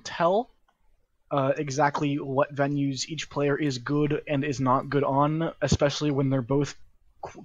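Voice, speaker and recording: A male esports caster talking through stats live, pausing on "um" and "uh" and restarting his thoughts. His audio comes through dull and muffled, with a dry, close sound. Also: a little high, dry recording. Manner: filler-heavy, thinks aloud, restarts often. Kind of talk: live game commentary.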